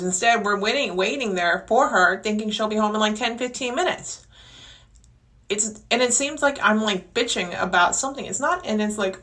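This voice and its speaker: A woman's voice: medium pitch, animated, normal speed, fairly bright tone. A woman hosting a podcast, talking in a frustrated, rambling monologue full of restarts. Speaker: podcast host. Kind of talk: casual venting monologue.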